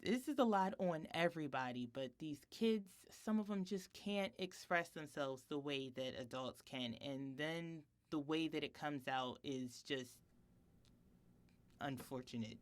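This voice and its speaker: A woman in her thirties chats on a podcast in a casual, storytelling way. Her pitch swings widely as she acts out both sides of a conversation, her voice sits a little low, and she laughs often between sentences. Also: a little slow. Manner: animated storytelling, acting out her son's and her own lines. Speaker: podcast co-host. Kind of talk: casual chat.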